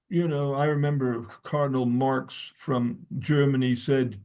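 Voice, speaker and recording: A man's voice: mid-range voice, normal speed, vocal fry, few pauses, a little mellow. A man talking as a guest scholar, reading from his own essay and quoting sources, often restarting his sentences.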